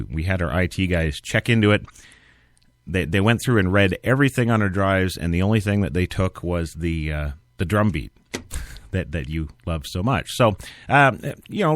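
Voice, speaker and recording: A man's voice: low-pitched, a bit bright, dry recording, studio quality. A man hosting an internet talk radio show, reading news stories and riffing on them in a sarcastic, rambling way.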